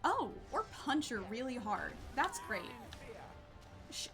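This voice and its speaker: A woman's voice: high voice, sing-song, unhurried, fairly bright tone, soft background music. A woman streaming a game, chatting casually with viewers, bubbly and laughing often. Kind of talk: casual gameplay chat with viewers.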